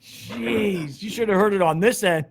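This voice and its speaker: A man's voice: high-pitched, measured pace, vocal fry. A man hosting a casual sports chat over a video call, rambling, laughing and poking fun at himself. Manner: laughing, rambling, self-mocking. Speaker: show host.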